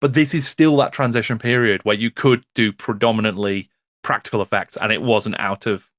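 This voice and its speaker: A man's voice: fairly low pitch, steady tone, a little fast, a bit bright, dry recording, studio quality. A man guesting on a film podcast, talking thoughtfully with frequent restarts. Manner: thoughtful, with many restarts and "you know"s. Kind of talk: casual film podcast chat.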